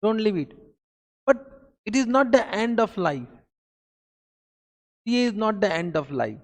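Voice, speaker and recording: A man's voice: high-pitched, very animated, measured pace, big-room sound. A man with an Indian English accent giving a motivational revision lecture to accountancy students, full of rhetorical questions and repeated phrases. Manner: pep talk full of rhetorical questions and repetition. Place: classroom.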